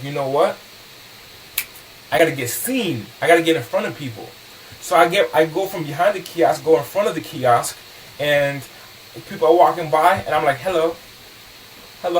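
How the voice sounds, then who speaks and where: Male speaker, animated storyteller, slightly high voice, distant mic with faint hiss. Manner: animated, acts out customer dialogue. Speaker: motivational speaker. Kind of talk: storytelling talk to an audience.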